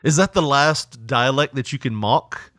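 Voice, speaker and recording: A man's voice: mid-range voice, unhurried, a bit bright, no echo, clean studio sound. A man with a Southern accent co-hosting a podcast in casual chat, laughing often and slipping into mocking voices. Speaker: podcast co-host.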